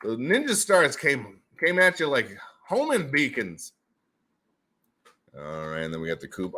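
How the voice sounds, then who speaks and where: Lively, bright-voiced male streamer. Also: medium pitch, a little slow. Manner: excitable and goofy, laughs often, breaks into silly voices. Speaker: livestream host running giveaways. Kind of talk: casual livestream chat.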